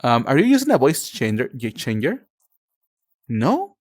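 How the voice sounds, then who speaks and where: Speaking at a medium pitch, this energetic male streamer, a native Spanish speaker, hesitates and hunts for words in his second language while chatting casually and reading viewer messages aloud. The audio is studio quality, with no room sound.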